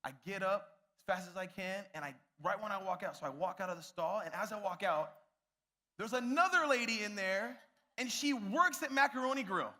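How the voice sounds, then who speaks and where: A man's voice: high voice, lively intonation, brisk, pushed and bright. A young man, a youth pastor, telling a self-mocking story to a youth group and addressing them directly.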